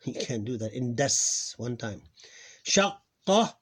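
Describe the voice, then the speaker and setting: A man who is losing his voice, teaching a pronunciation lesson. He talks haltingly, repeats words and drills sounds slowly, clearing his throat now and then. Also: mid-range voice, fairly even intonation. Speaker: Arabic teacher. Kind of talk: live online lesson.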